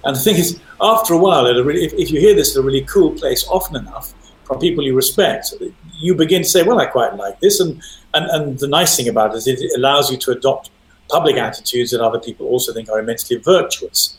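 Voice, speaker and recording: A man's voice: mid-range voice, quick pace, echoey room, rough recording. An older man in casual chat, hesitant and repeating words, with wry asides. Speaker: panelist. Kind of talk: conversational commentary.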